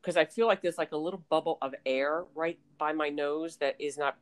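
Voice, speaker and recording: A woman chatting casually as a podcast co-host, telling animated stories full of laughing asides. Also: low voice, a little fast. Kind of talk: casual chat.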